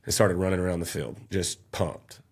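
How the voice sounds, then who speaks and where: A man, speaking as a podcast guest. His voice sits fairly low, with a gravelly, creaky edge. He tells his story earnestly and gets worked up as he recounts events. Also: moderate pace, darkish tone. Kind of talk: casual storytelling.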